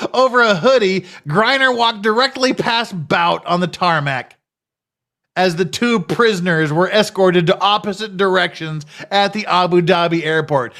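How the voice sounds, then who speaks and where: A man's voice: high-pitched, a bit bright. Profane, sarcastic male rant host. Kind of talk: ranting commentary.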